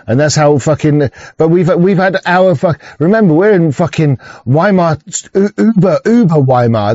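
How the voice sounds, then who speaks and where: A man's voice: fairly high pitch, darkish tone, no echo. A man in a profane, rambling monologue, full of stumbles and restarts. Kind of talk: ranting casual monologue. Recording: dull lo-fi sound.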